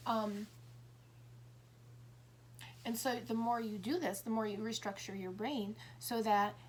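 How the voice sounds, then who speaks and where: Woman, 50s, slightly high voice, chatty rambling delivery, acts out dialogue, light background hiss. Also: fairly even intonation, measured pace. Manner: rambling, self-interrupting, acts out little dialogues. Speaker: tarot reader. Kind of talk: casual monologue.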